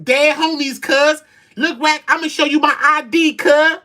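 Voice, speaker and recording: A man putting on a high, squeaky, insistent voice to mock another man who keeps pleading. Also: fairly even intonation, a little slow, pushed and bright, full character voice. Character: shrill pleading man, mocked and overblown.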